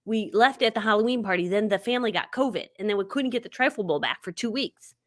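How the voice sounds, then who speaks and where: A middle-aged woman hosts a live stream, telling stories in a casual, chatty way, laughing often and acting out what people said. Her medium-pitched voice is animated and quick.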